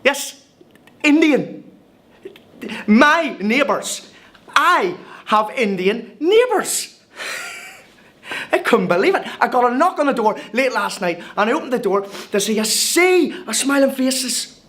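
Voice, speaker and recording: Timmy, a chatty, wide-eyed Irish newcomer. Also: male voice, very high-pitched, sing-song, slow, pauses often, a bit bright, exaggerated voice. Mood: wry storytelling. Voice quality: chatty, wry storytelling with hesitant restarts. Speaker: monologue narrator. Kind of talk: scripted comic film monologue.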